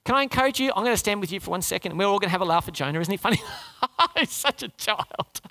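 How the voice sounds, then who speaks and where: A man preaching a sermon to his congregation, animated, his voice climbing high for emphasis and dropping low and soft for prayer. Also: very fast. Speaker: pastor.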